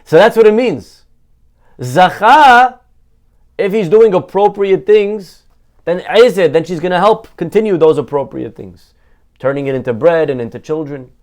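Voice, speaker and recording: A man speaking as a rabbi in a Torah lesson sermon, animated, asking and answering his own rhetorical questions and repeating phrases for emphasis. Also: high-pitched, normal speed.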